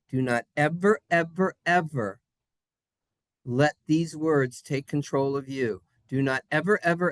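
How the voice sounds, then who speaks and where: Animated, encouraging Hebrew teacher. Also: mid-range voice, no echo. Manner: animated, encouraging, repeats phrases, playful asides. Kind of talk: children's language lesson.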